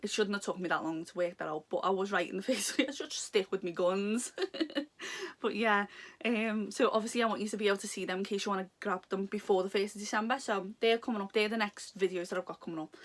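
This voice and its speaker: A woman's voice: mid-range voice, fairly even intonation, fairly quick. A young woman chatting casually through an unboxing, giggly and gushing, rambling off topic. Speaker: vlogger unboxing a subscription box. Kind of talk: casual chat.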